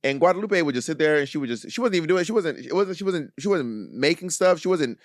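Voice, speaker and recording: A man's voice: fairly high pitch, no room sound, clean studio sound. A man co-hosting a podcast, telling stories in casual banter and acting out quotes. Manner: fast, animated storytelling with acted-out quotes. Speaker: podcast co-host.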